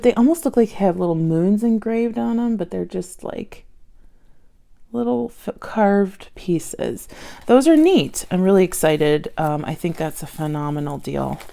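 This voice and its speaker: Chatty, excitable woman with a lowish voice. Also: vocal fry. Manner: chatty and excitable, gushing over finds. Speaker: bead jewelry vlogger. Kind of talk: casual haul chat. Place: at home with her dog nearby.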